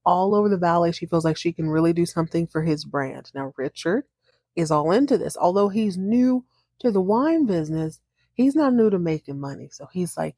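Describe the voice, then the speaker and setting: A woman's voice: lowish voice, fairly quick, warm tone, no room sound, clean studio sound. A woman hosting a podcast, casually recapping a TV episode and playfully acting out the characters' lines. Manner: chatty, acts out characters' lines with playful voices.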